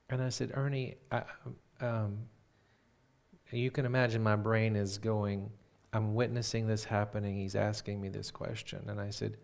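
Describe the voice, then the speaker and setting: A man who is a minister, telling a personal story in a sermon and acting out the dialogue with lively voices. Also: on the low side, normal speed, creaky. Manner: turns quiet and reflective when preaching.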